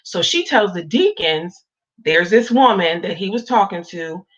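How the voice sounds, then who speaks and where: Animated woman telling a dramatic story. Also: fairly low pitch, unhurried. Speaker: vlogger. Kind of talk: casual storytelling vlog. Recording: dull lo-fi audio.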